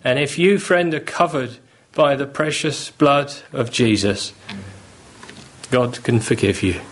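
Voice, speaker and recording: A man's voice: mid-range voice, takes it slowly. A man preaching a sermon, earnest and pleading, building to fervent emphasis. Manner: earnest, pleading, rising with fervour.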